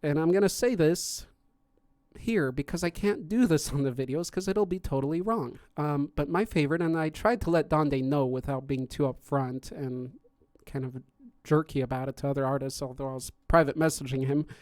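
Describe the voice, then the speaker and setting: A man's voice: a little high, normal speed, a little mellow, no echo, studio quality. A man hosting a podcast stream in casual chat, rambling with many fillers and restarts as he explains contest judging. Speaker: podcast host and contest judge.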